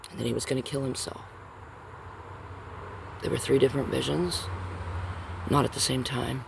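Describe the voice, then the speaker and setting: A woman's voice: extremely low pitch, steady tone, normal speed, creaky, background noise. A woman vlogger telling a rambling personal story in casual, profane speech, often checking in with her listeners.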